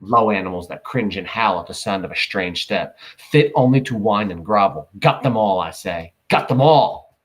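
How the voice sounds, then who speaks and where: A man's voice: lowish voice, close to an everyday voice. A man voicing a polite, menacing old male vampire with a faint foreign accent. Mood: contemptuous. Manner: slow, soft-spoken, faint foreign accent.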